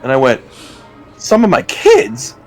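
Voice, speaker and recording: A man's voice: high-pitched, unhurried, creaky, soft background music. A man in casual chat, telling a long, profane story and acting out the voices in it. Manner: animated, profane, acts out voices in his stories. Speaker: guest telling stories.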